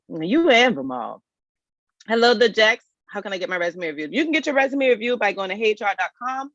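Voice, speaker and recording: A woman's voice: lowish voice, lively intonation, normal speed, a bit bright, no room sound. A woman coaching people through resumes on a livestream. She talks in a folksy, chatty way, straight to her viewers. Her computer mic gives a dry, slightly dull sound. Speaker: HR career coach hosting a live resume review. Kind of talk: casual livestream chat.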